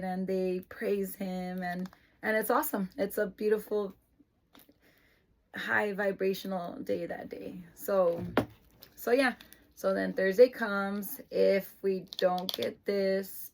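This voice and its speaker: Middle-aged mother, casual vlogger, unhurried and sincere, emotional edge. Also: mid-range voice, creaky, slight background noise. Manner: emotional, earnest, lapses into excited praise voice. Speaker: mother of an autistic son. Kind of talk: casual explanatory vlog.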